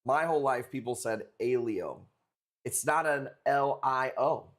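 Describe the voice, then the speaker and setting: During a live coral auction stream, a young man from the Chicago area chats loosely with viewers in a mid-range, slightly slow voice. He's a coral seller, and he swears casually as he talks.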